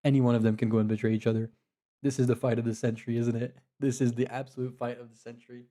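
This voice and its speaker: A man giving live, excitable commentary on an online strategy game, laughing and cheering players on, sounding a bit tired. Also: mid-range voice, fast. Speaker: game commentator and league host.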